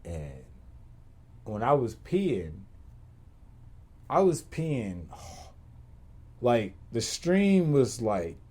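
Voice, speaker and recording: A man's voice: mid-range voice, very slow, pauses often. A man hosting a podcast, telling stories in a casual, profane, slangy rant that loops back on itself. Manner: animated, profane, slangy, rambling with repeats. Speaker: podcast host.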